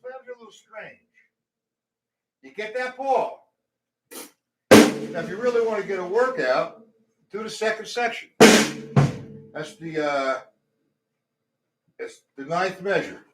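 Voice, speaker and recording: A man's voice: high-pitched, slow, long pauses, over loud music. A man teaching a drum lesson, talking between demonstrations and counting beats aloud. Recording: echoey room, mic far off, loud drums.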